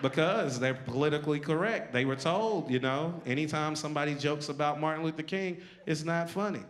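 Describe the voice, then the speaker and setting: A man's voice: on the high side, brisk. A male stand-up comedian performing a live set with a brash, punchy, conversational delivery. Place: live comedy venue with an audience.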